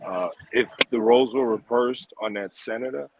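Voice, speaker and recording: A man speaking as a guest on a panel discussion, halting, with many fillers. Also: medium pitch, background noise.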